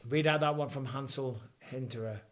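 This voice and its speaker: A man, hosting a live fight watch-along and calling the action with rising excitement. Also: mid-range voice, a little fast. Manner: excitable, rising for big moments. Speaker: host. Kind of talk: live fight commentary and chat.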